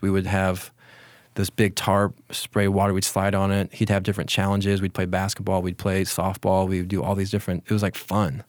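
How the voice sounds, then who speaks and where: A man in his forties, a former college football player, telling stories in a relaxed, reflective way during an interview, with many restarts. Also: low voice, no room sound, clean studio sound. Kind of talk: casual storytelling in an interview.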